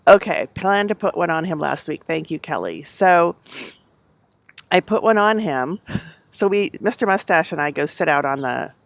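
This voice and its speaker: A middle-aged woman chats on her home livestream through a headset, rambling from one thought to the next with plenty of fillers and easy laughs. Her voice sits a little low. The sound is close and dry, with no room echo. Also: lively intonation, moderate pace, creaky. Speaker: knitting livestream host. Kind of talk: casual chat.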